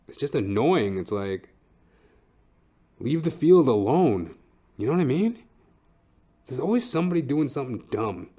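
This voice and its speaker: A man's voice: lowish voice, warm tone. A young man hosting his own podcast, a comedian ranting in a rambling, profane, filler-heavy way. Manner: rambling, swears constantly, lots of fillers and restarts. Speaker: podcast host and stand-up comedian. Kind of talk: casual profane comedic rant.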